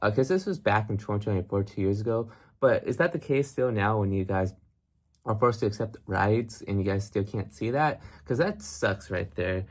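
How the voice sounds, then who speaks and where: A man's voice: fairly low pitch, lively intonation, moderate pace. A man hosting a reaction video, chatting casually and putting questions to his viewers. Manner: talks to viewers with questions and asides.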